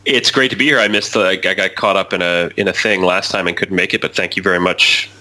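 A man's voice: low voice, steady tone, fast talker, bright, forceful tone, poor audio. A man who is a guest on a tech podcast, polite and grateful. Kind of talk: casual tech podcast chat.

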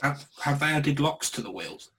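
A man's voice: a little high, animated, normal speed, pushed and bright, slightly rough, poor audio. A man chatting politely as a panel guest on a video call, laughing easily. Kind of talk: casual chat over video call.

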